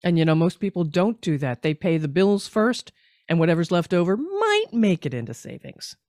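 A podcast host with a lively, bouncing intonation, speaking in a dry, close sound. The host keeps the interview moving with quick affirmations and short prompts in casual talk. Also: medium pitch, dry recording.

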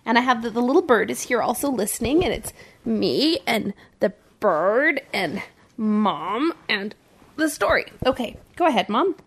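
A woman's voice: on the high side, expressive, unhurried, slightly rough. A woman hosting a podcast, chatting casually with her mother and teasing her playfully. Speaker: podcast host. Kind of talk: casual chat.

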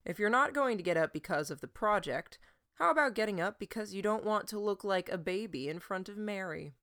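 Woman voicing a calm, firm teenage boy. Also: medium pitch, fairly quick, no echo, studio quality, voice pushed up. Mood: matter-of-fact. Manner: level, matter-of-fact.

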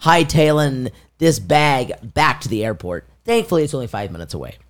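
A podcast co-host with a mid-range voice tells a story at a normal speed on a casual show. He's animated throughout, acting out the voices of the people involved and laughing partway through.

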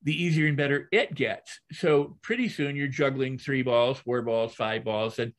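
This older man, a visiting hypnotist and trainer, uses stories to teach, talking in an animated, chatty way and echoing phrases as his points build up. His voice is mid-range and his pace normal.

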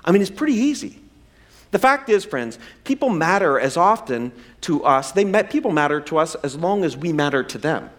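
Man in his forties, pastor, high voice, very lively pitch, joking sermon delivery. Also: normal speed. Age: 40s. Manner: humorous, conversational preaching with self-deprecating asides.

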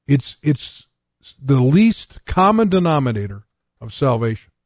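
A man's voice: mid-range voice, very animated, a little slow, no echo. An older man from North Dakota preaching a radio sermon, telling his own testimony and reading scripture in an earnest way.

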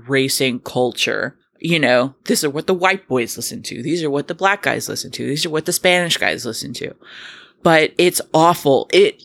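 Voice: medium pitch, fairly bright tone, dry recording. Wry co-host with a dry sense of humor. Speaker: podcast co-host. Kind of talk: casual film review chat.

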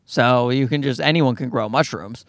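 Rambling, foul-mouthed podcast host. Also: male voice, mid-range voice, normal speed, dry recording, studio quality. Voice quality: profane, rambling, sarcastic. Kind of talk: casual podcast monologue.

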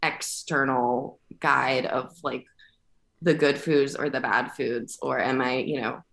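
A woman's voice: extremely low pitch, steady tone, slow pace, creaky, a bit bright. A woman guest on a casual podcast, rambling and restarting her sentences while acting out her own inner thoughts. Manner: rambling, self-interrupting, acts out her own inner dialogue. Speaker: podcast guest who works with clients.

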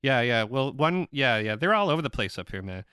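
A man hosting his own podcast, talking in a relaxed, rambling way with many fillers. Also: medium pitch, fairly quick, clean tone, no echo, clean studio sound. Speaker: podcast host. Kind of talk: casual chat.

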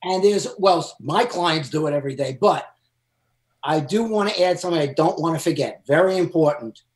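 A man's voice: a little high, normal speed, reverberant. A man who works as a lawyer, giving firm, emphatic advice during a panel discussion. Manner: emphatic, advising.

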